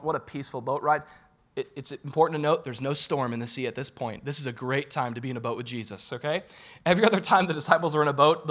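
A young man preaching a sermon as a pastor, lively and joking, talking straight to the congregation. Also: fairly high pitch.

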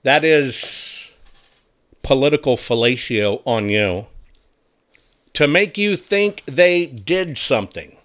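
A man's voice: mid-range voice, expressive, slow pace, long pauses, a bit bright. A man ranting in political commentary, angry, sarcastic and crude.

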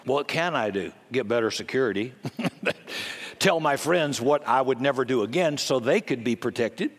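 An older male pastor preaches in a folksy, chatty way, dropping quick jokes between scripture. His voice sits at an ordinary middle pitch. A long reverb trails after him through a large church hall. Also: animated. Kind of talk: sermon.

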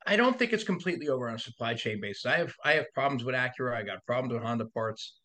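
A man's voice: medium pitch, very fast. A man, a body shop owner on a podcast, telling rambling stories in casual chat, laughing, swearing and acting out the voices of people in them. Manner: animated, profane, laughs through stories, acts out voices.

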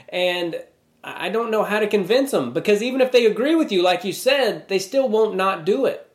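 A man on a video call, agreeing and rambling with many restarts. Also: high voice. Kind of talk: casual video-call conversation. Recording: roomy, echoey sound.

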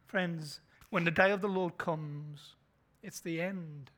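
A male pastor preaching an urgent sermon, swinging between loud emphasis and near whispers. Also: on the high side, fairly even intonation, slow pace. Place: church in a shopping complex.

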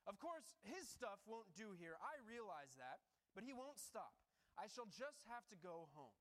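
A man's voice: sing-song, measured pace, fairly bright tone, exaggerated voice. A man reading as a flustered, fussy ghost. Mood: polite, nervous. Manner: genteel, flustered, shrill when alarmed. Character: fearful fussy male ghost, polite and panicky. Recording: long hall reverb.

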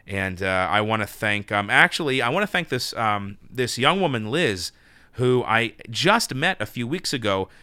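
A man's voice: medium pitch, very animated, moderate pace, pushed and bright, clean tone, no room sound. A man in his thirties hosting a podcast from his apartment, talking alone in an emotional, nervous, rambling way with many restarts. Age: 30s. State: nervous and flustered. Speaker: podcast host. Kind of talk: solo thank-you monologue. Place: his New York apartment.

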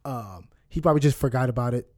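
A man's voice: mid-range voice, fast talker. A young man casually telling a story, acting out what people said. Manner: animated storytelling with quoted dialogue. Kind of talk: casual chat.

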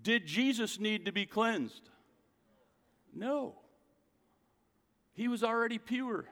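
A man's voice: high-pitched, lively intonation, slow, a bit bright. Preaching man with hall reverb. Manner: emphatic preaching, rhetorical questions. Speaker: pastor. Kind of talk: sermon.

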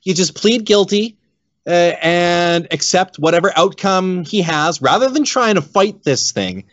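A man's voice: sits high, lively intonation, a little slow, fairly bright tone, no room sound, lo-fi sound. A man playing a blunt, unhelpful defense lawyer in an improv comedy sketch. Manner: blunt, matter-of-fact.

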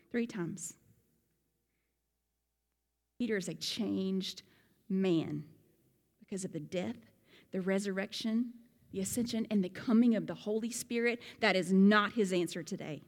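A woman giving a Bible lesson, animated and fond of rhetorical questions. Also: mid-range voice, takes it slowly, long pauses, big-room sound. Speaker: Bible teacher. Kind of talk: sermon-style Bible lesson.

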